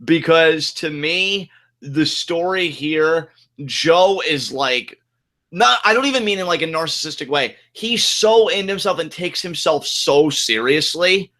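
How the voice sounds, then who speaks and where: A man co-hosting a podcast in casual, excitable chat, full of "like" and "dude". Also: a little high, measured pace. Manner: excitable, loose, peppered with "like" and "dude". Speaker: podcast co-host.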